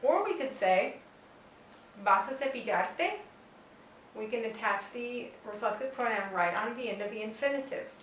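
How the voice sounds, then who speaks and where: A woman's voice: a little high, lively intonation, normal speed. A woman teaching a Spanish grammar lesson, explaining patiently and step by step with example sentences. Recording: roomy echo, distant mic, faint noise.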